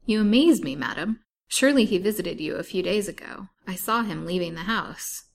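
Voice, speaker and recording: A woman reading aloud in the voice of a courteous male detective, formal and measured. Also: fairly low pitch, creaky.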